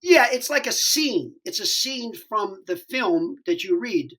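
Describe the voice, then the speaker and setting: A man, a stand-up comedian guesting on a podcast, telling an animated, profane anecdote and acting out the people in it. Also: sits high, unhurried. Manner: profane, acts out the dialogue in his story.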